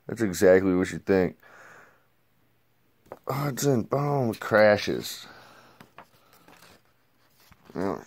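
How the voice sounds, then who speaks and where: A man's voice: lowish voice, lively intonation, slow, long pauses. A man reviewing a movie in a casual, crude play-by-play recap. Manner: loose, crude, retells scenes in a play-by-play.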